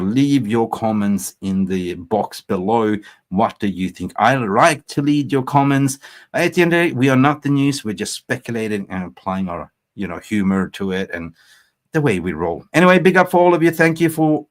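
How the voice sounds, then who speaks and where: Guy doing a football fan livestream, rambly and animated, chatty, cracks himself up. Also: medium pitch, normal speed. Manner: animated, rambling, laughs at own jokes. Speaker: football channel host. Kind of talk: casual livestream chat.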